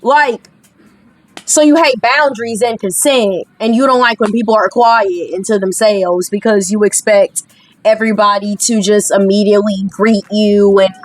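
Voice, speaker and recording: A young woman streaming a dating game, reading its dialogue aloud and reacting with sarcastic, exasperated commentary and the occasional curse. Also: medium pitch. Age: young adult. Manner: sarcastic, exasperated, swears freely. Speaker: gaming streamer.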